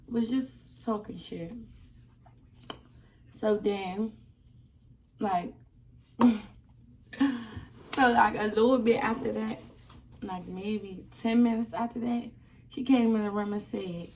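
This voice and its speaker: A young woman vlogger telling a casual storytime, animated and acting out the people in it. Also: medium pitch, measured pace. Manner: animated, acts out quoted people. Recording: slightly distant mic, faint noise.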